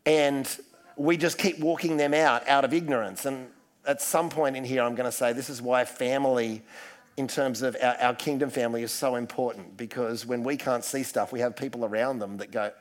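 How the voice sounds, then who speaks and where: A man's voice: mid-range voice, steady tone, moderate pace. A man preaching a casual, self-deprecating sermon full of asides. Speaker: pastor.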